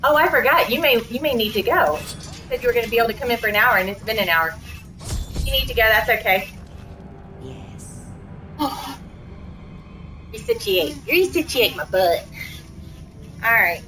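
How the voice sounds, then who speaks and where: A woman streaming a game live, chatting excitedly and squealing at wins. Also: on the high side, brisk, long pauses. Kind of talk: live gameplay commentary. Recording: game music in the background. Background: music.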